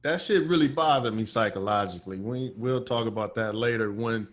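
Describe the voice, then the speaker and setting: A man's voice: lowish voice, fairly quick, fairly bright tone. A man co-hosting a podcast, telling a story in casual chat full of profanity and slang. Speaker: podcast co-host.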